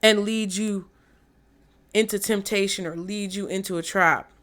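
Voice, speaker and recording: A woman's voice: mid-range voice, steady tone, measured pace, fairly bright tone. A woman giving a casual tarot reading in a blunt, frank way, swearing freely. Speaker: tarot reader.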